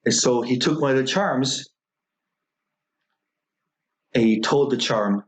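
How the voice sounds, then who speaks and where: Buddhist minister guy telling a spooky folktale, super slow and unhurried, average pitch. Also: low-quality recording. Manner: slow, measured telling with many pauses. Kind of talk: storytelling dharma talk.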